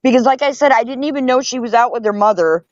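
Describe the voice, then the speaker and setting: A woman's voice: a little high, fast talker, dry recording. A woman speaking as a guest on a casual livestream, defensive and blunt. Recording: muffled dry call audio.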